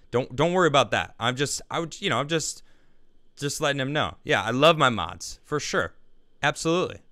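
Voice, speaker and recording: A man's voice: mid-range voice, pushed and bright, clean tone, dry recording, clean studio sound. A man hosting a live stream, chatting casually and reading viewer messages aloud, laughing easily and restarting his sentences. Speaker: livestream show host.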